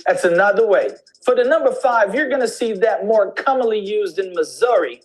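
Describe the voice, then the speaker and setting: Brief: English teacher talking through slang greetings, mid-pitched, faint music underneath. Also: lively intonation, normal speed, few pauses, rough recording. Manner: demonstrates slang phrases with repeated examples. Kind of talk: instructional video lesson.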